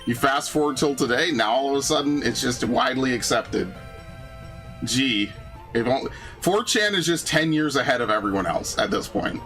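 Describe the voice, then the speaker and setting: A young man rants in a loose, profane chat, his pitch leaping up and down as he gets worked up. Faint music plays quietly behind him. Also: normal speed. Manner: animated ranting, profane, frequent "bro" and "dude". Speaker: gaming channel host. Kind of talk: casual chat over gameplay.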